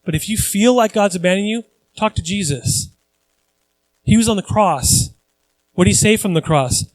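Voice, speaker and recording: A man's voice: high-pitched, normal speed, no room sound. A male pastor preaching a conversational sermon, earnest and repeating phrases for emphasis.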